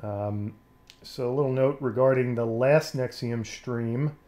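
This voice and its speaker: A man's voice: mid-range voice, a little slow, warm tone. A man hosting his own live stream from home, rambling casually with lots of fillers, his voice a bit scratchy and nasal from allergies. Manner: rambling, self-deprecating, many fillers. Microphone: desk mic.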